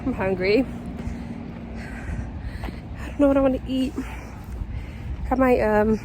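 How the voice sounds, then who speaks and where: A woman vlogs on her phone as she goes, talking in a loose, excitable way with plenty of "like" and "um". Her voice sits a bit on the high side. Clear city and traffic noise runs under her words. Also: slow pace. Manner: chatty and excitable, with fillers like "like" and "um". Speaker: vlogger. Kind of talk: casual vlog chat. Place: outdoors, then a station café and shops. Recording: outdoor noise behind the voice.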